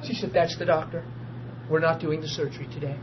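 A man preaching a testimony as a story, excitable, bursting into laughter and shouts. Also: fairly high pitch, quick pace. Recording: muffled recording with steady hum.

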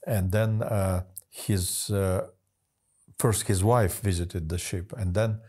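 Low, dark-voiced older man lecturing. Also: fairly even intonation, slightly rough. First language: Russian. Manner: halting, many "uh" fillers and restarts. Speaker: historian lecturer. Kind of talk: unscripted history lecture.

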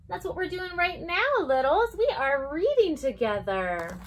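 A woman's voice: very high voice, big pitch swings, unhurried, hardly any pauses, slight background noise. A young adult woman, a children's librarian leading a baby story time with rhymes and a picture book, talking in a playful, exaggerated sing-song with gasps and whispers.

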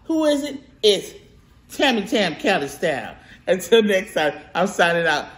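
Woman, mukbang vlogger from California, casual to-camera storytelling; animated, laughs often. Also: mid-range voice, normal speed. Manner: animated, laughs often, quotes herself in retellings.

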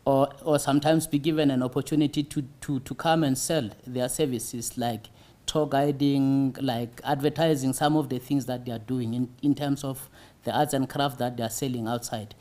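A man, a city tourism official answering interview questions in a halting way, often pausing on fillers. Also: medium pitch, steady tone, dark tone. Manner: halting, frequent "you see" fillers.

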